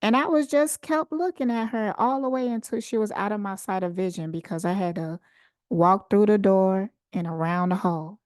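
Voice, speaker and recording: A woman host casually telling a personal story in an unhurried, animated way. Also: medium pitch, no room sound, studio quality. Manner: unhurried, conversational, animated retelling. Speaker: channel host.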